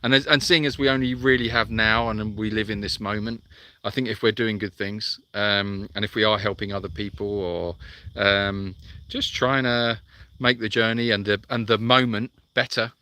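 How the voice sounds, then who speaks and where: Chatty man with a bright voice. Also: lowish voice, fairly even intonation, moderate pace. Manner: chatty and rambling, with frequent fillers and laughs. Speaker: sanctuary host answering viewer questions. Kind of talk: casual live chat reading comments.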